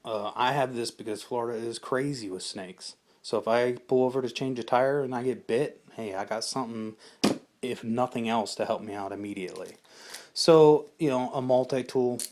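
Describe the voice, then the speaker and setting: A man's voice: medium pitch, normal speed, darkish tone, a little hiss or hum. A middle-aged man, a survival instructor, giving a casual, conversational talk with frequent fillers and restarts.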